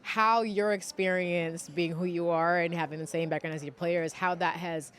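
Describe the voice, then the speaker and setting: Animated woman podcast host. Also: fairly low pitch, normal speed. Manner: animated, expressive, frequent affirmations. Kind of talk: interview conversation.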